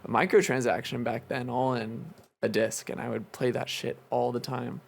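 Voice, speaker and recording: He's a man in his twenties co-hosting a podcast, talking in a loose and rambling way. He swears freely and sits at a middle pitch. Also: level tone, normal speed, creaky. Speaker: podcast co-host. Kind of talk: casual chat.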